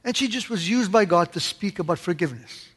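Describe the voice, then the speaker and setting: A man preaching a sermon in a church. He is emphatic and swings between loud stressed words and hushed asides. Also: high voice, expressive, a little fast, breathy edge, long reverb tail. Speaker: pastor.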